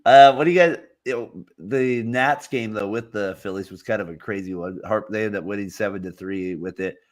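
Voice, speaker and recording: A man co-hosting a casual sports chat, rambling and halting with many fillers. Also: lowish voice. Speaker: co-host.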